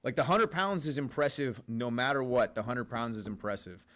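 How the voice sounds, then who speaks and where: Young dude on a livestream, rambles and swears, laughs at his own stuff, average pitch. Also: moderate pace, fairly bright tone. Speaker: livestream host.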